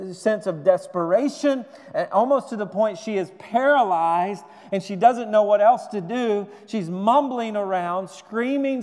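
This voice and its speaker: A man's voice: fairly high pitch, darkish tone. A man preaching a sermon with passion, retelling scripture in the first person and pleading with his listeners. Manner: impassioned preaching, rising and falling, paraphrasing scripture in first person. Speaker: pastor. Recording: long hall reverb.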